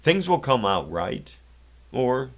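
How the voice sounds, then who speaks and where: A man's voice: mid-range voice, very animated, slow, muffled recording, pitched above the performer's own voice. A man reading aloud and voicing a timid, pious young raftsman who tells his story reluctantly. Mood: plain. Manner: murmuring, reluctant, pleading.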